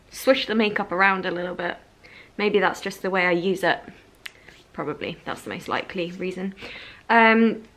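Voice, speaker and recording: A young woman, chatting casually through a makeup tutorial at home by a window, with lots of "like" and soft laughs. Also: medium pitch. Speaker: beauty vlogger.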